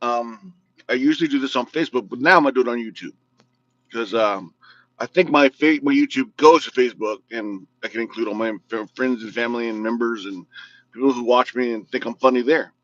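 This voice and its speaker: A vlog host from Illinois, USA, rants about politics to camera in a casual, blunt, joking style, his words a bit slurred and mumbled. His pitch is medium and his pace fairly quick, with a slightly bright tone. The audio is muffled but has no echo.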